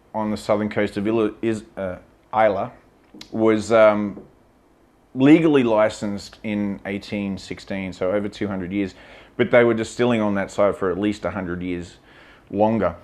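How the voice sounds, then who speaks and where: A man with a fairly low voice talks casually about whisky, blunt and opinionated, swearing freely. He chats loosely with plenty of fillers as he tastes. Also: fairly even intonation, unhurried, a little mellow. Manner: chatty with many fillers. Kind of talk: casual whisky tasting talk. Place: lives in Vietnam.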